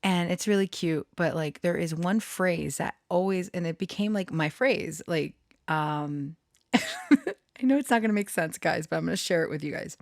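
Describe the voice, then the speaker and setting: A woman's voice: fairly low pitch, very animated, normal speed, vocal fry, dry recording, clean studio sound. A woman telling a rambling personal story in a casual monologue, giggling often and restarting her sentences with many fillers. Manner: self-conscious, embarrassed. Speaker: channeler and storyteller.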